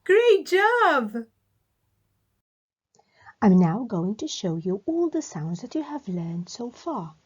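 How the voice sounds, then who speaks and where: A woman teaching a children's phonics lesson, modelling sounds slowly and praising the class. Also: medium pitch, big pitch swings, warm tone, husky.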